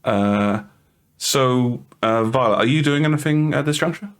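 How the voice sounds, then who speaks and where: A man's voice: mid-range voice, a little slow, clear, resonant tone. A man running a tabletop game as game master, often stammering and repeating words as he narrates and calls for rolls.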